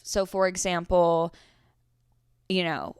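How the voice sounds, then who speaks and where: A woman's voice: fairly low pitch, fairly even intonation, takes it slowly, smooth, dry recording, studio quality. A woman in her twenties hosting a casual solo podcast, telling stories in a chatty, swearing way. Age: 20s. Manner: chatty storytelling with frequent swearing. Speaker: podcast host.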